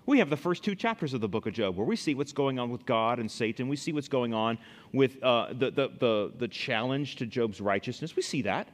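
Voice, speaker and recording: A middle-aged male pastor preaching a sermon, animated, rising loud for emphasis and acting out scoffing listeners. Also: medium pitch, fairly quick.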